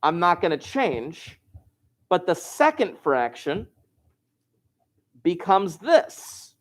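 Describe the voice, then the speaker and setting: Speaking slowly in a high, very animated voice, a man teaches algebra to an online class. He explains the steps as he goes, chatting and joking with his students in this live lesson.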